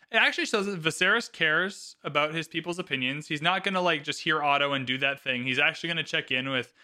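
A man co-hosting a podcast, chatting casually and animatedly about a TV episode, swearing freely and filling his talk with "like". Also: on the high side. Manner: animated, swearing, lots of filler "like". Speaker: podcast co-host. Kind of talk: casual chat recapping a TV episode.

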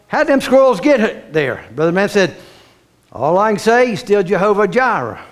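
A man preaching a fervent sermon, repeating phrases and rising to shouts. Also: sits high, sing-song, normal speed.

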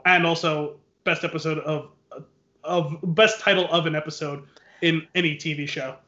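A man hosting a podcast in casual chat, animated and retelling scenes with frequent laughs. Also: a little high, moderate pace, echoey room, highs cut off. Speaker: podcast host.

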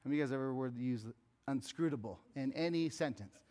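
A pastor preaching a conversational sermon that rises to fervent appeals. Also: male voice, mid-range voice, quick pace, mellow.

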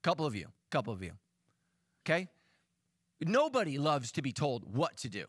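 A middle-aged man, a lead pastor, preaching a sermon in a joking, animated, self-mocking way. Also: a little high, normal speed, no echo, studio quality. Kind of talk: sermon with storytelling.

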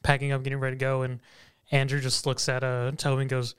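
A man's voice: medium pitch, completely flat delivery, fast, fairly bright tone, clean tone. A man in casual podcast chat, easygoing and agreeable.

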